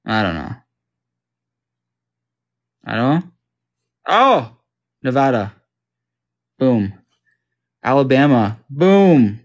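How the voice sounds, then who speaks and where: Man from Canada, unhurried, puzzled self-talk over a game; mouse clicks behind. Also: medium pitch, very animated, highs cut off. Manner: confused, self-talking, joking. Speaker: gamer. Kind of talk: casual gaming commentary.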